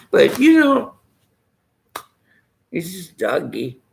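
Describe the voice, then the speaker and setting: Older Irish bloke, very gravelly, abrasive rambling vlog rant. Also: male voice, fairly low pitch. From Ireland. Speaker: vlogger.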